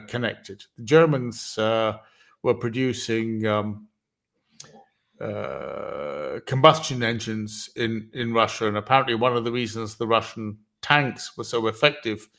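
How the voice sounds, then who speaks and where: A man hosting a casual online chat. He speaks at an ordinary pitch and often stops and restarts mid-sentence, padding his thoughts with "uh" and "um". His delivery meanders before he reaches the point. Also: fairly bright tone. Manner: halting, many fillers and restarts. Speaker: host.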